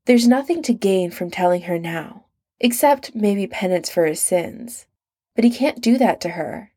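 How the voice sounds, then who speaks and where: A woman narrating an audiobook in calm, even scripted storytelling. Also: mid-range voice.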